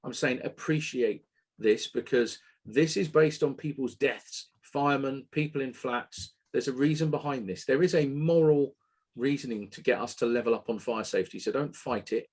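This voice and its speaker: A man with a slightly husky voice hosts a casual technical webinar. He talks in an opinionated, animated way and drops the odd swear word. He sits at a mid pitch for a man. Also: moderate pace. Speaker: webinar host.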